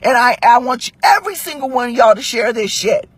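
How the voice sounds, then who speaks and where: Husky-voiced woman in her forties, ranting. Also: fairly high pitch, animated, a little fast, no echo. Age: 40s. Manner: blunt, profane, emphatic storytelling. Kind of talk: heated monologue to camera.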